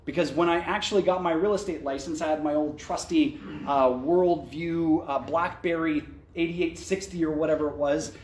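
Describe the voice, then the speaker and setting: Male event speaker, fairly high voice, casual candid storytelling, roomy echo. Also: fairly even intonation, normal speed, a little mellow, slight background noise. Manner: candid, conversational, with slips and restarts. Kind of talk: storytelling talk to an audience. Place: event venue, indoors. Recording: echoey event room.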